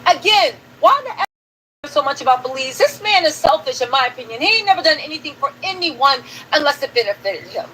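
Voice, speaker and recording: A woman's voice: sits high, lively intonation, fairly quick, sharp tone, slight background noise, rough recording. A woman hosting a live stream, chatting casually and animatedly to her viewers about news clips. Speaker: commentary host.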